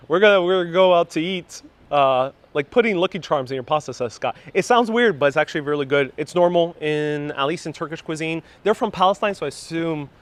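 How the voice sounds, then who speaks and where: A man from New York City in his thirties, livestreaming a walking tour outdoors on a wireless lapel mic and telling childhood stories in a casual, animated way. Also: a little high. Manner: animated storyteller, reads viewer comments aloud. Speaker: vlogger giving a live walking tour. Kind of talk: casual live-stream storytelling.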